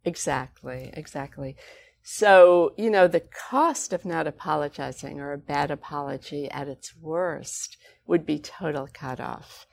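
A woman, a guest author, telling stories conversationally with animated, expressive emphasis. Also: low-pitched, unhurried, creaky. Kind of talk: conversational storytelling.

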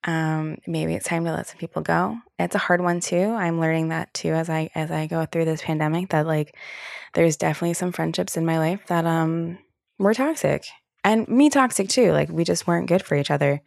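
A woman's voice: sits low, moderate pace, vocal fry, a little mellow, no echo, studio quality. A young adult woman hosting a solo podcast, talking candidly and casually with lots of fillers and the odd swear word. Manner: candid, chatty, swears freely, many fillers. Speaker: podcast host.

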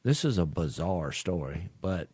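A middle-aged man, telling a story in a folksy, animated way during casual chat. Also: low voice, unhurried, husky, no echo, clean studio sound. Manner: folksy, animated, laughs through his stories. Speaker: podcast co-host.

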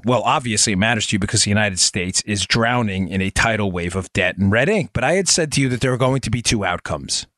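A man's voice: fairly bright tone, no room sound, studio quality. A man hosting a political commentary podcast, speaking emphatically and sarcastically straight to his listeners. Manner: emphatic, talks directly to listeners as folks; sarcastic asides, rising pitch when worked up. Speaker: podcast host.

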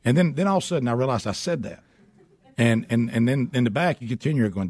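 A man telling a long, animated story in casual chat as a host, acting out the voices of the people in it. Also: mid-range voice, fast talker, no echo. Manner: animated, acts out voices in his stories. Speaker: show host and youth football coach.

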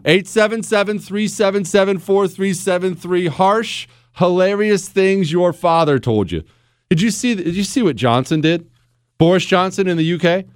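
A man hosting a call-in radio talk show, animated and sarcastic, laughing often. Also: on the high side, clear, resonant tone, dry recording, studio quality.

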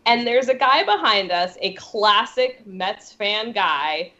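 A mother co-hosting a casual podcast, telling a story in a lively way and acting out the quotes. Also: mid-range voice, takes it slowly, muffled recording. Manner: animated storyteller, acts out quotes. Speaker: podcast co-host.

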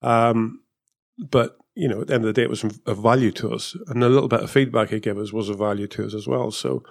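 A man with a fairly low voice talks through his years in motor racing in a loose, conversational way. He restarts sentences often and leans on fillers as he thinks aloud. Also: steady tone, fast, vocal fry. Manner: rambling, with many fillers and restarts. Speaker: former F1 technical director and race engineer. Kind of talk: casual interview chat.

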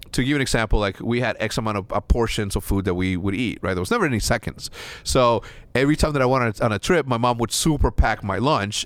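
A man's voice: mid-range voice, dry recording. A young man from Mexico telling a story in casual chat, rambling with restarts and a lot of swearing. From Mexico (Juárez). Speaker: podcast guest.

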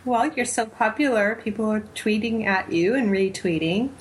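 A woman's voice: medium pitch, moderate pace, a little hiss or hum. A woman co-hosting a talk radio show, teasing her partner and laughing easily. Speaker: radio co-host. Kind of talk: casual radio banter.

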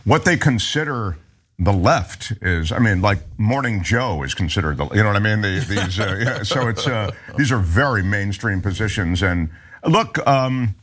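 Man, co-host, lowish voice, easygoing, halting, casual chat. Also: expressive, a bit bright, breathy edge. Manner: easygoing, hesitant, many fillers. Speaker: podcast co-host.

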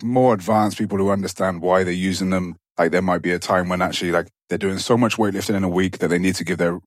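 Brief: young male co-host, very deep voice, dry close sound, rambling and casual. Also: fairly even intonation, fast, no echo. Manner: rambling, many fillers and restarts. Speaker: podcast co-host. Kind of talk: casual chat.

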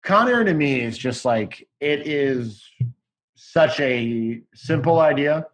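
A man's voice: mid-range voice, lively intonation, slow. A man as a podcast guest, chatting casually in a rambling, enthusiastic way and swearing now and then.

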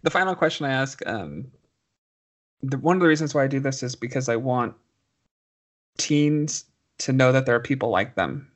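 A man's voice: medium pitch, lively intonation, moderate pace, long pauses. Earnest male interviewer. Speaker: interviewer, host. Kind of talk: interview questions.

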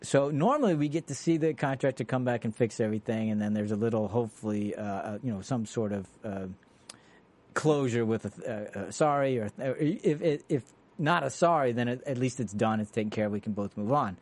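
A man's voice: medium pitch, a little fast. A man co-hosting a casual podcast chat, talking animatedly with many restarts and acting out quotes. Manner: animated, acts out quotes, frequent laughs and restarts. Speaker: podcast co-host.

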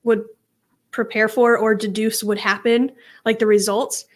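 A woman's voice: on the high side, little pitch movement, measured pace. A woman co-hosting a true crime podcast, recounting case details casually with some hesitations. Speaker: podcast co-host.

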